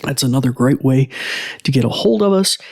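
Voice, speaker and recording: A man's voice: mid-range voice, lively intonation, fairly quick, creaky, darkish tone. A man hosting a tech podcast, talking casually in a rambling, self-correcting, friendly way. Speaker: podcast host.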